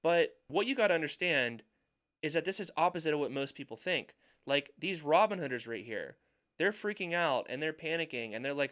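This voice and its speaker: Clear-voiced man talking stocks. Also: fairly high pitch, lively intonation, a little fast, a bit bright. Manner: emphatic, repeats points for stress. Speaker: finance YouTuber. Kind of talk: market commentary over charts.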